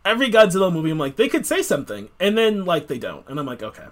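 A man's voice: high voice, wildly swooping pitch, fast. A man hosting a podcast, chatting casually and rambling with many fillers. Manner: rambling, filler-heavy, laughs often. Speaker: podcast host. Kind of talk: casual chat.

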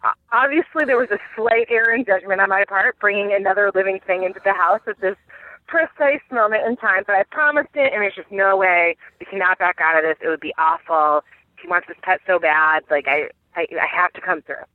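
A woman's voice: medium pitch, brisk, dry recording. A woman in her thirties calling in to tell a rambling, self-mocking parenting story, her voice coming through a phone. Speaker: caller sharing a parenting story. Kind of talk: recorded phone rant. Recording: tinny phone line.

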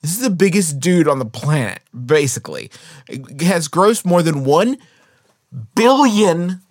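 A man's voice: on the high side, lively intonation, unhurried, dry recording, studio quality. A man co-hosting a casual comedy podcast, joking and doing little bits as he talks. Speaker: podcast co-host.

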